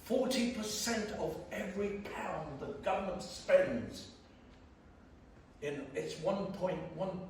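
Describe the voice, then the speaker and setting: A man's voice: high voice, expressive, slow, distant mic, slight background noise. Emphatic man speaking in an echoey church hall. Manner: emphatic, blunt, jokey public speaking. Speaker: guest panellist. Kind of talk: speech to a community meeting.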